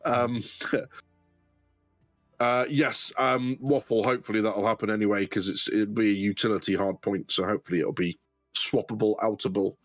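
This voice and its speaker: A man's voice: lowish voice, steady tone, moderate pace, dry recording, faint music behind. A man with an English accent co-hosting a casual livestream Q&A, rambling with lots of ums and casual swearing. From United Kingdom. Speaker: co-host.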